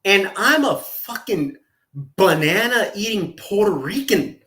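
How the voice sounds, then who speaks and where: A man's voice: high-pitched, expressive, takes it slowly, sharp tone. A man hosting a profane, comedic reaction video, crude and mocking, full of scattered asides. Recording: echoey room.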